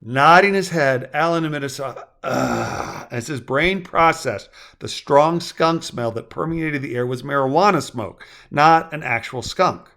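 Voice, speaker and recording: A man reads his own story aloud in a measured, wordy way. His voice sits a little higher than most men's. The delivery is even and descriptive. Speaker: author and narrator.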